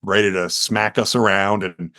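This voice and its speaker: A man's voice: fairly low pitch, moderate pace, dry recording, clean studio sound. A man, telling his story earnestly as a podcast guest and acting out quotes with energy. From United States. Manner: earnest, animated storyteller who acts out quotes.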